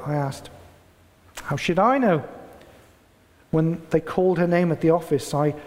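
High-voiced male preacher in a hall. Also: darkish tone. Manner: slow, deliberate reading with dramatic pauses. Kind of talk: sermon with read-aloud story. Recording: long hall reverb.

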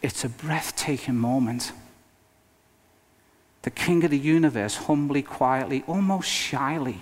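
A male pastor preaching a sermon in an earnest, emphatic way, with dramatic pauses. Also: mid-range voice. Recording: long reverb of a hall.

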